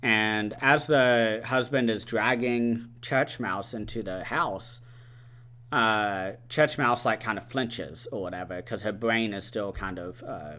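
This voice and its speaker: A man's voice: lowish voice, slow. A man giving a casual, rambling spoiler recap of a film, full of "like" and "uh" as he retells scenes. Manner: rambling, animated retelling with many "like" and "uh" fillers. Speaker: movie reviewer.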